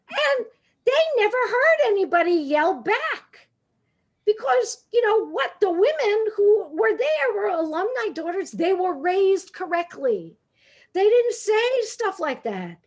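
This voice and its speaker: A woman in her sixties from Brooklyn tells funny stories with a brash, quick-witted delivery. Her voice sits high and swoops up and down as she acts out the exchanges. She talks like she is used to firing right back. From Brooklyn, New York. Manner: brash, quick comebacks, animated storytelling. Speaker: guest speaker. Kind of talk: humorous storytelling talk.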